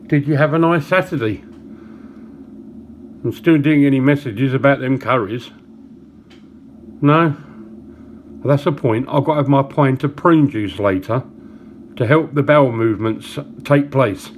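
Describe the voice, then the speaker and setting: A man, chatting to camera and telling a joke, with small pauses and chuckles along the way. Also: medium pitch, slight background noise. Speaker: vlogger.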